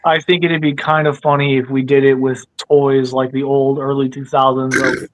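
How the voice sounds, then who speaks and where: A man hosting a livestream podcast in casual chat, animated and joking, calling his guests by nicknames. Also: mid-range voice, normal speed, low-quality recording. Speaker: podcast host.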